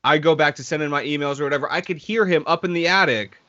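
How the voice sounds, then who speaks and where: A man's voice: a little high, fast, highs cut off. A man telling a long story on a podcast in casual, profane chat, acting out what others said. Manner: animated, profane, acts out quotes. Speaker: podcast co-host.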